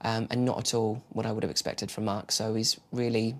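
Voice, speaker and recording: A man's voice: lowish voice, flat delivery, fairly bright tone. A man at a dinner party, speaking hesitantly with restarts. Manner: hesitant, halting. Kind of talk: casual chat and interview asides.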